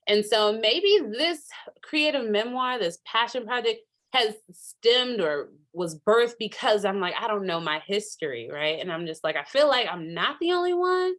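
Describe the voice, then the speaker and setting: Leading a casual virtual workshop, a Minnesota woman chats enthusiastically, sprinkling in many fillers and side comments. She speaks at a moderate pace and medium pitch with big swings in intonation and a slightly bright tone.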